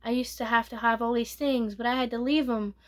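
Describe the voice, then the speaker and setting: Woman, soft-spoken ASMR recap; rambling, self-correcting, slightly higher pitch. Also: fairly even intonation, fairly quick. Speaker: movie reviewer.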